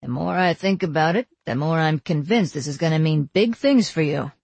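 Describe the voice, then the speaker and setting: A woman reading the lines of a middle-aged father who reassures his daughter, in a husky, dry voice. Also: deep voice, normal speed, darkish tone, no room sound, full character voice. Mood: reassuring. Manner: reassuring, fond.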